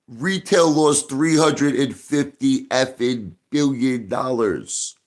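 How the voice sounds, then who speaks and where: Agitated, low-voiced male livestream host. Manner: emphatic, repetitive, agitated, addresses a viewer directly. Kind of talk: ranting livestream monologue.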